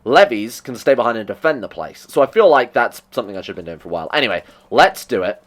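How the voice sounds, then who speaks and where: A man hosting a strategy game playthrough, talking excitedly to his in-game characters and joking at his own mistakes. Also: medium pitch, fast. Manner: self-mocking asides. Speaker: gaming video host. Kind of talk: let's play commentary.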